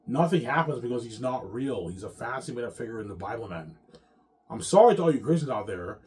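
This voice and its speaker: A man's voice: fairly low pitch, animated, quick pace, a little mellow. A man talking straight to his viewers in a long, rambling monologue, swearing freely and repeating himself, tagging lines with "man" and "yeah". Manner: profane, repetitive, ending lines with "man" and "yeah". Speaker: vlogger.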